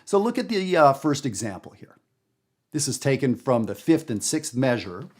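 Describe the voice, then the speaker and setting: A middle-aged man teaching jazz in an online lesson, talking with emphasis and big swings in loudness. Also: medium pitch, normal speed. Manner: animated, emphatic talk with wide swings in loudness.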